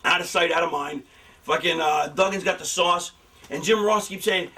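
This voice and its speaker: A middle-aged man with a high-pitched voice tells stories in a loose, profane, animated way. He acts out what other people said as he goes. The mic sits a little away from him. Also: moderate pace, distant mic. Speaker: veteran wrestler explaining booking. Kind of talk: casual storytelling.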